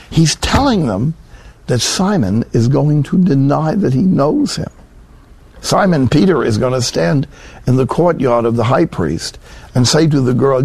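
Gravelly earnest preacher man. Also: medium pitch, animated, darkish tone, no room sound. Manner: earnest, rising to emphatic peaks, quoting scripture slowly. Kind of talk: sermon.

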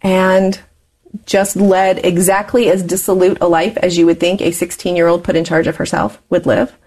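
A woman's voice: on the low side, level tone, moderate pace, darkish tone, breathy edge. A woman in her forties, an interview guest telling her life story candidly and laughing often as she talks.

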